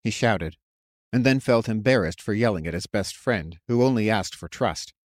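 Low-voiced man narrating an audiobook. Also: animated, no room sound, studio quality. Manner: measured storytelling. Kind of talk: audiobook narration of a fantasy novel.

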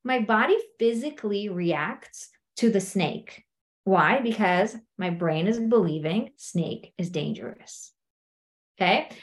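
A middle-aged woman speaking as a coach in a conversational teaching talk, often acting out what people say. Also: slow. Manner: conversational, acts out quotes in high animated voices.

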